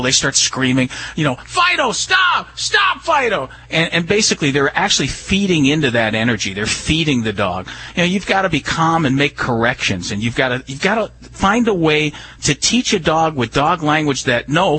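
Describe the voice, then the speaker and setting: A man on a radio talk show, explaining dog behavior and training in a calm, earnest way. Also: fairly high pitch, a little hiss or hum, poor audio. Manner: calm, earnest explaining with many "you know"s. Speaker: dog trainer answering listener questions.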